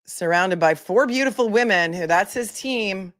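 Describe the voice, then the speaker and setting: A woman's voice: medium pitch, moderate pace, a bit bright. A woman attorney giving casual commentary, chatty and incredulous, reading posts aloud. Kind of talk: casual commentary on a legal case.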